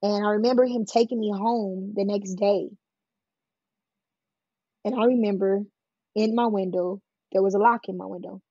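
Woman guest telling her story, plain-spoken and frank, raspy and gravelly, on a dry recording. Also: mid-range voice, fairly even intonation, normal speed, pauses often, warm tone, no room sound, lo-fi sound. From California. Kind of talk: emotional personal storytelling in an interview.

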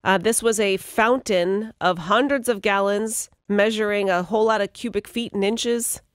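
A woman's voice: medium pitch, steady tone, normal speed, no room sound. A woman co-hosting morning radio, reading entertainment stories and laughing along with banter. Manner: bright, laughs often while reading stories. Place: radio studio. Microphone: studio mic.

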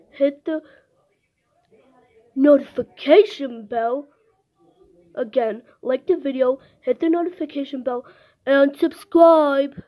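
A woman's voice: high voice, muffled recording. A woman acting out a comic skit, playful and over-dramatic with mock anger. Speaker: video creator. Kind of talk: comedy skit.

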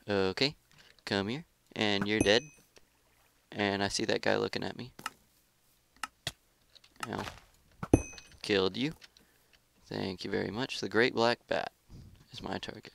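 Gaming youtuber guy, kinda low and gravelly, trash talking and griping about lag while he plays. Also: measured pace, pauses often, background noise. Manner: excitable, trash-talks opponents and grumbles about lag. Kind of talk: live gameplay commentary.

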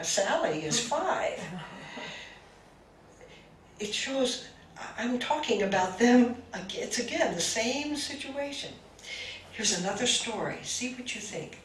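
A woman spiritual teacher telling a story to a group, speaking with halting restarts. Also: medium pitch. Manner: slow, halting, with many restarts. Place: meeting room. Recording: roomy, distant mic, faint hiss.

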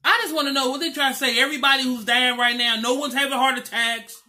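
A mukbang vlogger eats while chatting casually, telling stories with lots of emotion and animation. His voice is extremely high-pitched and fast.

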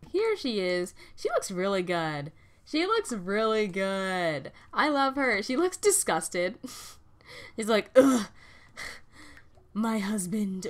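A woman's voice: medium pitch, a bit bright. Giggly woman narrating her gameplay. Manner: chatty and giggly, often laughing at the game. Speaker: gaming video host. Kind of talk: casual let's-play commentary.

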